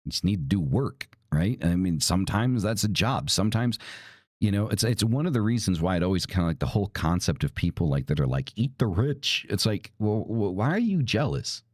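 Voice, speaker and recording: Profane, ranting low-voiced man. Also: very animated, fairly quick, darkish tone, no echo, studio quality. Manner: many fillers like "right?". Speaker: podcast host. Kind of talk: casual monologue.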